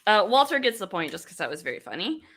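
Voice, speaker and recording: A woman hosting an online comedy trivia game show, easygoing and quick to laugh over a video call. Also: mid-range voice, very animated, fairly bright tone.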